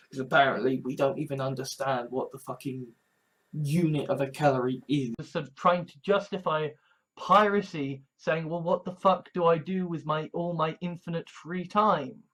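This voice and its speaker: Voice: medium pitch, a bit bright, low-quality recording. A video essayist delivering a casual, rambling monologue full of profanity and emphatic asides.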